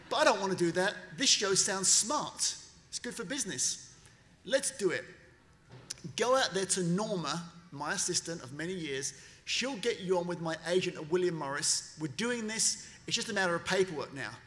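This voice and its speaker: A man's voice: high voice, normal speed, a bit bright. A man quoting a brash, decisive businessman in emphatic, clipped commands during a speech. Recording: long reverb of a large venue.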